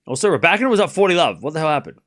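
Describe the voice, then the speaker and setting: A man hosting a live tennis watchalong stream, calling points play by play with casual joking asides and shouting on big moments. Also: a little high, rapid-fire. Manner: excitable, shouts on big points, chatty and joking between rallies.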